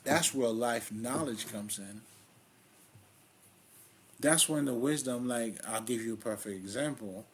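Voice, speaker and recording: A man's voice: medium pitch, a little slow, pauses often, a little hiss or hum. A man with a Haitian accent hosting a casual spiritual monologue, blunt, streetwise and heavy on swearing. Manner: blunt, profane, streetwise and emphatic. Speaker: spiritual video host.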